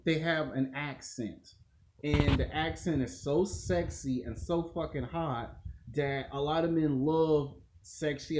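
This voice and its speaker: A man with a fairly high voice and a dark, mellow tone, ranting casually and crudely to his online audience. He rambles loosely and repeats himself, heavy on slang and cussing, with a faint hiss of noise behind him. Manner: crude, slangy, repetitive rant. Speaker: YouTube show host.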